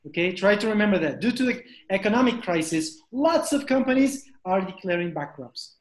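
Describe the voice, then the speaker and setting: A man's voice: high voice, lively intonation, fairly quick, reverberant. A man teaching an online English class, repeating questions and drilling pronunciation over a video call.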